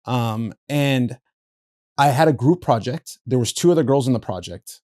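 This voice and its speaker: A man hosting a podcast, telling a story animatedly, acting out quotes with big jumps in pitch and laughing through it. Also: lively intonation, normal speed, darkish tone, dry recording, clean studio sound. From Southern California. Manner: laughs through his stories, says "bro". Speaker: podcast host. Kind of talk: casual storytelling.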